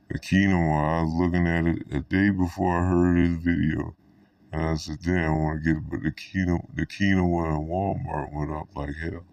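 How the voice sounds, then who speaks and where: A man with an extremely deep, flat voice rambles through a profane monologue. He keeps the delivery level and laughs between thoughts. The recording is dry, with the mic set back from him. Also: vocal fry, no room sound, distant mic. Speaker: vlogger.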